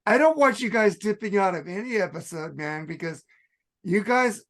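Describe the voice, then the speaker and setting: An outspoken man co-hosts a rock podcast in loose, casual chat. His voice sits high for a man and has a gravelly fry. He states his opinions flatly and laughs often. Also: normal speed. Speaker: podcast co-host. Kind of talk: casual chat about music.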